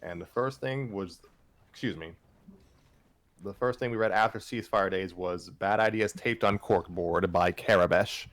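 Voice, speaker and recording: A man's voice: low-pitched, normal speed, a bit bright, no room sound. A young man hosting a casual chat, easygoing and dry. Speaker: podcast host.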